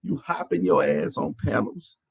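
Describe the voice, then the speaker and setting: A man's voice: on the high side, lively intonation, normal speed, gravelly, slightly rough, dry recording, dull audio. Profane, mocking man ranting on stream. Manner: mocking, profane, repeats phrases with stammered restarts. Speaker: online panel host. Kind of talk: heated live-stream rant.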